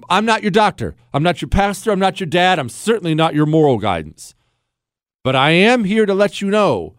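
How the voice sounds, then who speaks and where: A male talk radio host rants through his monologue with sarcasm and mocking asides. His voice sits a little high and swings animatedly up and down. The studio sound is dry and close. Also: moderate pace, no echo. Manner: sarcastic, ranting, lively delivery with mocking asides.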